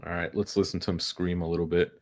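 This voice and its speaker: A low-voiced man commenting casually on a trading stream. He mutters sarcastic jokes and complains about his headache. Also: level tone, fast. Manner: sarcastic, joking, mumbling asides. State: suffering a headache.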